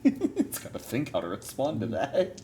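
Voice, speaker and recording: A man's voice: medium pitch, wildly swooping pitch, normal speed, dark tone, a little hiss or hum. A man running a tabletop game as game master, narrating in a laid-back way and teasing his players.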